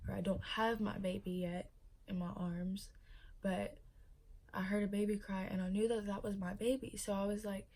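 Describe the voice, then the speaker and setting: A woman's voice: medium pitch, little pitch movement, normal speed, darkish tone. A young pregnant woman chatting casually in a vlog, emotional and full of fillers. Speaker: vlogger.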